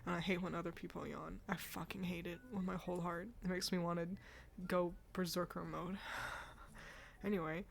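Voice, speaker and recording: A woman's voice: on the low side, little pitch movement, moderate pace, gravelly. A woman streaming casual chat about games, talking loosely with swearing, sighs and laughs, a bit stuffy and yawning. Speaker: streamer reacting to game awards.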